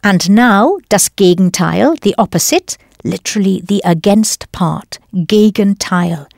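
A woman's voice: medium pitch, animated, unhurried, gravelly, darkish tone, dry recording, clean studio sound. A woman teaching a scripted language lesson, enunciating carefully and prompting the listener with questions.

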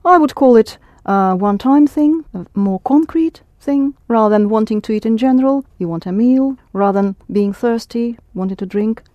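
A woman's voice: fairly high pitch, moderate pace, few pauses, no echo, lo-fi sound. Patient woman teaching a language lesson. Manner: patient, explaining step by step.

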